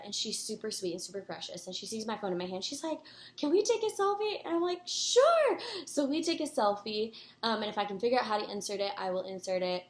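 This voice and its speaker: A young woman talking straight to her viewers, spilling a story in a rambling, excitable rush and filling it with asides and fillers. Her voice sits in an ordinary middle pitch for a woman and bounces around an echoey room. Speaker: vlogger. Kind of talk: casual storytelling to camera.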